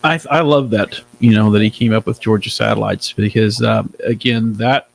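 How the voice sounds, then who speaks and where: A man co-hosting a podcast in casual chat, laid-back and halting, often chuckling. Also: fairly low pitch, steady tone, creaky. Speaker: podcast co-host.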